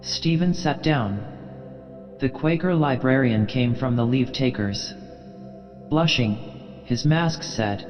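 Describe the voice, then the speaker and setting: A man narrating a literary audiobook in a steady, even reading style. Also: medium pitch, slow pace, long pauses. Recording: reverberant dull recording, faint music.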